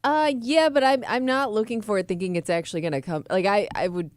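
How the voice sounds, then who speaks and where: A woman's voice: mid-range voice, brisk, clear, resonant tone, dry recording, clean studio sound. A woman co-hosting a radio show, matter-of-fact as she reads out facts and chimes in. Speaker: radio co-host. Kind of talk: morning radio banter. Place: radio studio. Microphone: studio microphone.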